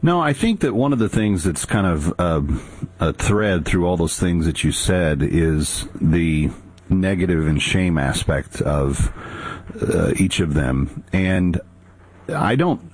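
A very low-voiced man with a husky edge chats as co-host. He weighs his words slowly, stopping and restarting as he thinks. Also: expressive, darkish tone. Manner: thoughtful, hesitant, with restarts. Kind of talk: casual chat.

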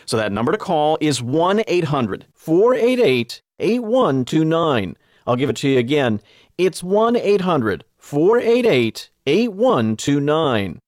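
A man hosting a radio infomercial as an upbeat salesman who reads out the phone number slowly and repeatedly. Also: fairly high pitch, sing-song, darkish tone, no echo, clean studio sound. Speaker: radio host.

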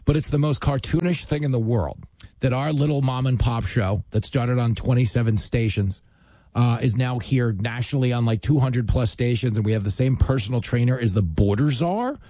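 A man's voice: medium pitch, moderate pace, no echo. Joking male radio talk host, dry sound. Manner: self-deprecating, animated joking. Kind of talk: casual radio chat and storytelling.

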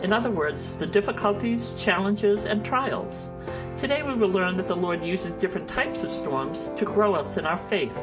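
A woman reading a scripted radio program introduction in a smooth, even manner. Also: medium pitch, moderate pace, poor audio. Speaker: radio announcer. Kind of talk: scripted narration. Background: guitar music.

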